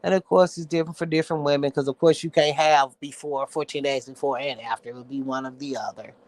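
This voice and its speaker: A man's voice: medium pitch, steady tone, quick pace. A man hosting his own show, ranting casually in a blunt, sassy, heavily profane way. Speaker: show host. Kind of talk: casual livestream rant.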